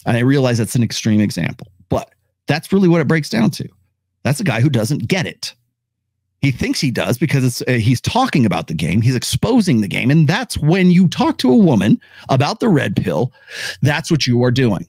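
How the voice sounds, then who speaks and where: A male podcast host giving casual, opinionated commentary, animated and blunt, with occasional swearing. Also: mid-range voice, moderate pace, breathy edge, dry recording. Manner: animated, acts out quoted voices, swears.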